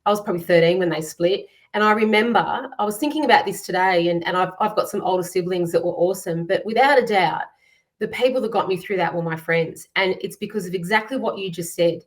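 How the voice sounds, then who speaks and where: A woman's voice: fairly low pitch, quick pace, distant mic. A woman hosting a livestream conversation, encouraging and reflective, with many fillers. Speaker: host.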